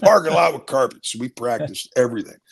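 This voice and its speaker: Sixties ex-football guest, gravelly, punchy storyteller. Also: male voice, medium pitch, fast talker. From Maryland, USA. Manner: lively, punchy anecdotes with repeats. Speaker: former football player, guest. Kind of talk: animated storytelling.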